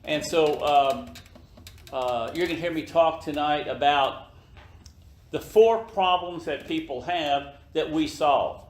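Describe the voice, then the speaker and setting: An older man giving a slow, emphatic motivational talk to his team in an office meeting room, now and then acting out little scenes in other voices. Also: on the high side. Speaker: business leader speaking to his team. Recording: echoey room.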